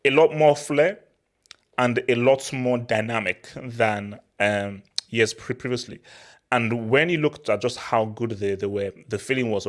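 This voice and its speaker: A young man from Nigeria hosting a casual football talk, excitable and prone to repeating words as he restarts his sentences. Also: medium pitch, normal speed. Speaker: football channel host. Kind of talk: casual football commentary monologue.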